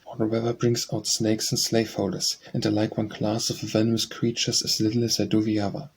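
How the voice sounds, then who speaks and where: Man, audiobook narration, measured reading, low voice, faint background hiss. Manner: measured, even reading of a memoir. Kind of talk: scripted narration.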